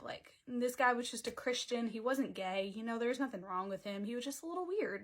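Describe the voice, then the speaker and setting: A woman's voice: a little high, normal speed. A young woman telling a story in a casual storytime vlog, chatty and dramatic, with lots of "like" fillers. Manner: chatty, heavy use of "like" fillers; dramatic, animated retelling.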